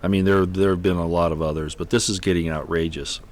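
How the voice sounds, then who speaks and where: A man hosting a livestream, talking off the cuff with many halting restarts and repeated words, sounding exasperated. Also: sits low, fairly even intonation, darkish tone. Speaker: livestream host. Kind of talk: rambling livestream commentary. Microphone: computer mic on an unsteady connection.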